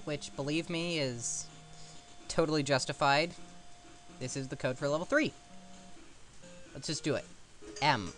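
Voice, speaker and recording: A man's voice: medium pitch, fairly bright tone. A man giving casual let's-play commentary, rambling and mocking himself as he plays. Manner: rambling, self-mocking asides.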